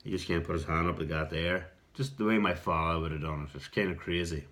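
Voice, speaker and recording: Middle-aged irish man, very deep voice, rambling casual storytelling, clears his throat. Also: fairly even intonation, fast, fairly bright tone. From Ireland. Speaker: video response storyteller.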